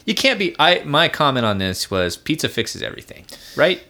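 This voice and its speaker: A man's voice: a little high, big pitch swings, moderate pace, pushed and bright. A man co-hosting a podcast, telling a story in a rambling, casual way with restarts and laughs. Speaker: podcast co-host.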